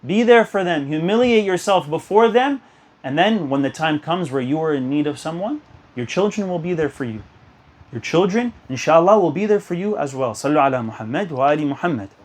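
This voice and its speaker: A man's voice: a little high, animated, brisk. A young man giving an earnest sermon to a youth gathering, telling stories and urging listeners. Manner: earnest, exhortative, storytelling. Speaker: youth speaker.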